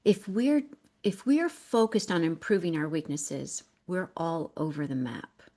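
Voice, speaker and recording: A woman's voice: on the low side, a little slow, mellow. A woman leads a group webinar. She sounds enthusiastic and affirming, and she builds eagerly on what others share. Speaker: webinar host.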